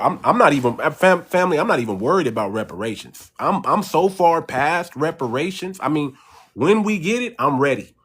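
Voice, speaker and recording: A man's voice: medium pitch, fairly bright tone. A man hosting a livestream and talking straight to his viewers, calling them family. He is emphatic and preachy, and he hammers his points home by repeating them. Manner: emphatic and repetitive, preaching to the audience; addresses listeners as family. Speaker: channel host. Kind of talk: livestream commentary.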